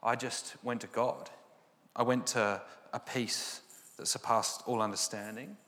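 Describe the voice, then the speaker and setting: A man's voice: medium pitch, steady tone, unhurried, a bit bright. Man telling a testimony in a reverberant hall. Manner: storytelling, acts out dialogue. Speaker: Christian speaker sharing testimony. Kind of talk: personal testimony.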